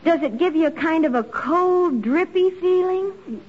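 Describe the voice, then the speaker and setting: A woman's voice: very high-pitched, lively intonation, measured pace. An actress playing a naive, scatterbrained young woman in 1940s radio acting style, sweet and earnest. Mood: chirpy. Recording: dull old radio broadcast.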